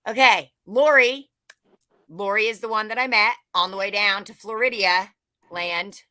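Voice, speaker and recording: A woman's voice: medium pitch, moderate pace, sharp tone, no room sound. A woman hosting a livestream, chatting casually, joking and greeting viewers by name. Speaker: livestream host. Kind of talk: casual live-chat greetings.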